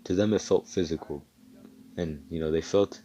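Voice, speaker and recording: A man's voice: low voice, fairly even intonation, normal speed, dark tone, highs cut off, a little hiss or hum, lightly acted. A man voicing a cold, taunting young male swordsman in a fan story, contemptuous and profane.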